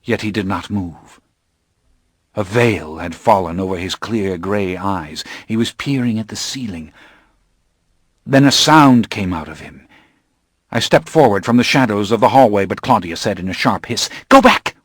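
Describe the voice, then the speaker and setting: A man with a low voice reads a gothic novel aloud in the first person. His delivery is measured, grim and deliberate. The recording is dry and close-miked, with no room around him. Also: slightly rough, dry recording. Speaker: audiobook narrator. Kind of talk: scripted first-person audiobook narration.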